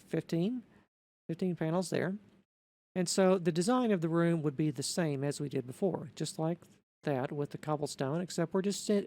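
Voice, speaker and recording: A man talking through a building tutorial in an unscripted voice-over, methodical and halting, often correcting himself. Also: fairly high pitch, gravelly, warm tone.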